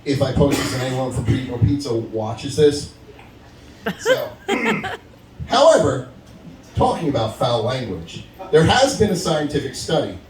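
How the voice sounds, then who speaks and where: Animated comic man in his forties. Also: mid-range voice, a little slow, background noise. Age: 40s. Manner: animated storytelling, acts out phone calls, laughs at own jokes. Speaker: stand-up comedian. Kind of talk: stand-up comedy set. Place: stage at a live open mic. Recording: roomy venue sound from a distance.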